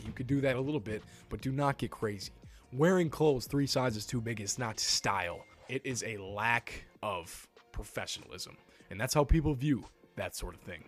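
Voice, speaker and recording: A young man giving blunt, assertive self-help advice straight to his viewers in a scripted monologue. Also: mid-range voice. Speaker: self-help video host. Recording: faint background music.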